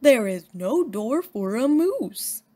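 A woman voicing a clumsy, friendly young male moose who talks in a slow, earnest, literal way. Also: on the high side, sing-song, mellow, exaggerated voice.

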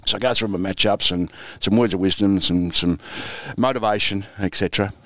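Recorded with no room sound, a former Australian footballer and coach in his sixties tells stories in a laid-back interview, chuckling along. His voice is on the low side and a bit bright, and he talks a little fast.

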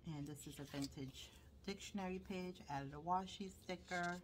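Chatty Brooklyn woman, deep voice, casual crafting vlog, light background noise. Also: normal speed. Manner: chatty, rambling with many fillers. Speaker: crafter showing handmade journals. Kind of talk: casual show-and-tell.

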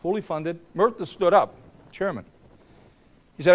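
In a hall, an older man gives a public speech, telling a story bluntly and combatively while swinging between loud bursts and low remarks. He speaks a little slowly.

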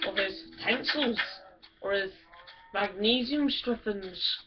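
A woman's voice: medium pitch, slow. A woman rambling crudely and giggling through game commentary. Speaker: gamer. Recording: distant dull mic with music.

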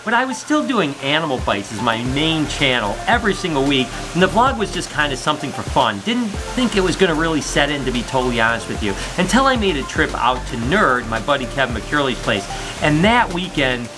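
A middle-aged man talking casually to camera as a vlogger host, chatty and excitable, calling his viewers guys. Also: a little high, a little fast, music in the background. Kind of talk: casual vlog talk to camera.

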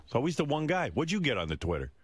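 A man hosting a radio show, telling stories in an animated, exasperated way in casual chat. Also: fairly high pitch, racing, husky. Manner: animated storytelling, exasperated rants. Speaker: radio host.

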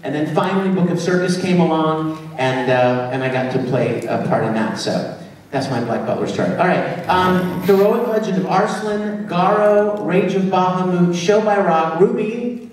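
Male voice actor at a fan panel, lively and laughing, distant mic in a roomy hall with faint background noise. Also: high voice, normal speed. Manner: animated storyteller, laughing often. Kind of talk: live convention panel talk. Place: large convention hall. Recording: far-off echoey hall recording, faint crowd noise.

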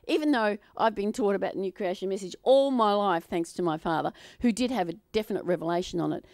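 A woman's voice: mid-range voice, darkish tone, no echo, clean studio sound. A woman preaching a sermon in a chatty way, often putting questions to her audience.

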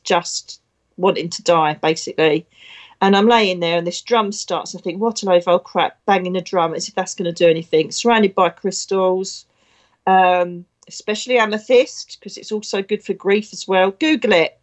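A middle-aged woman, a psychic medium, telling a spiritual story in a blunt, chatty, emotional way. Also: medium pitch. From Britain. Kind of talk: casual spiritual talk.

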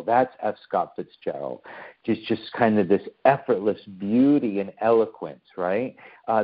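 A man's voice: fairly low pitch, lo-fi sound. A man from the United States giving a conversational online talk to a remote audience, often posing questions to his listeners. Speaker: lecturer.

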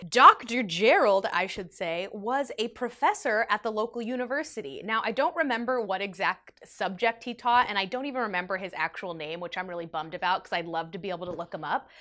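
A young woman vlogger telling a personal story in an animated, emotional way, with big swings in her voice. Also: medium pitch, a little fast, few pauses. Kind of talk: storytime vlog.

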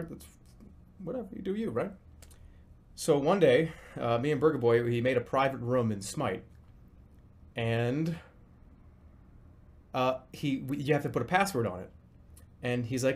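A man's voice: medium pitch, a little mellow. A man streaming a game, telling a story casually, swearing freely and acting out both sides of a conversation. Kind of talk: casual storytelling while gaming.

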